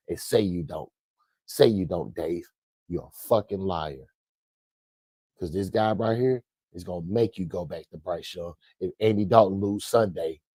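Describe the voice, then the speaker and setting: A man's voice: sits low, dark tone, slightly rough, no echo. A man hosting a sports commentary show, ranting in a profane, emphatic way and repeating his points. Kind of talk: fiery sports rant.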